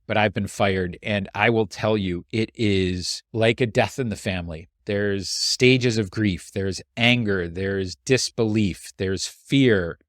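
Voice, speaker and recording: Looking back over the past year, a podcast host and coach delivers a slow, deliberate solo monologue that's earnest and heartfelt. His fairly low male voice is captured in a dry recording with clean studio sound.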